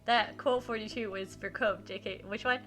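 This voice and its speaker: Bubbly, bright-voiced woman streamer. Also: medium pitch, steady tone, moderate pace, faint music behind. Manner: bubbly, giggly, gushing reactions. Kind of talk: live game stream, reading and commenting.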